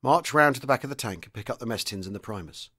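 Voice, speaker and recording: A man's voice: mid-range voice, lively intonation, quick pace, bright, forceful tone. A man reading the lines of a nervous young British tank commander who tries to sound stern. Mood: trying stern.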